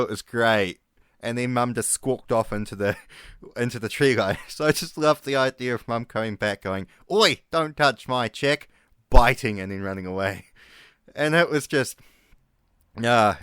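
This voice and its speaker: A man's voice: lowish voice, fairly bright tone, smooth, no room sound, clean studio sound. A man, a conservation ranger telling stories in a casual, chatty way and laughing often. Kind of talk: casual storytelling vlog.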